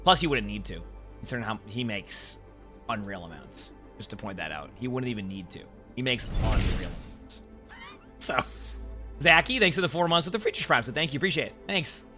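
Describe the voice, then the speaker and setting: Bright-voiced animated male streamer. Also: medium pitch, brisk, soft background music. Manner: animated, sarcastic, rambling with many restarts. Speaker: game streamer. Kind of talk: casual chat answering live chat.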